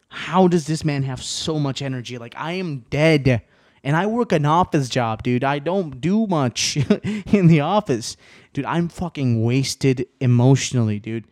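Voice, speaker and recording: Rambling, profane podcast host man. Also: medium pitch. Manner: rambling, profane, swings between subdued and excited. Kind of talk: casual solo podcast chat. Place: small home studio.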